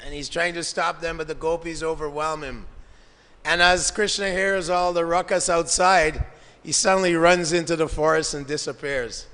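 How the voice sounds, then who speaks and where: A man with a bright, fairly high voice tells devotional scripture stories, voicing the quoted lines and dropping in Sanskrit terms. His tone is smooth and resonant, and his words ring out with a long reverb through a temple hall. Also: steady tone, moderate pace. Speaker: lecturer at a devotional gathering. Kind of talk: devotional storytelling lecture.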